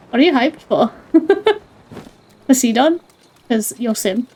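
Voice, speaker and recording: High-voiced woman streaming a game. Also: expressive, slow, dark tone, slightly rough. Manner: playful, laughs often, apologizes in mock panic. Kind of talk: casual gaming commentary.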